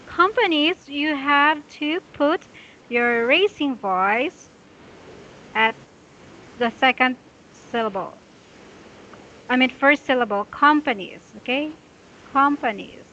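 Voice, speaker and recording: A woman's voice: high voice, slow pace, pauses often, pushed and bright, dull audio, a little hiss or hum. A woman tutoring English, patiently correcting a student's reading with many "okay"s.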